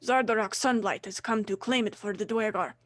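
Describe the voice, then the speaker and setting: A woman voicing a furious captured male dwarf who shouts threats and boasts of his leader. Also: medium pitch, a little fast, no echo, natural voice. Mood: zealous boasting.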